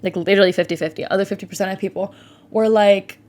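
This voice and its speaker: Young woman, podcast host, casual monologue, candid, swears, animated. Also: medium pitch, quick pace. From Ohio. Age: 20s. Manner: candid and animated, swears freely, quotes people in mimicked voices.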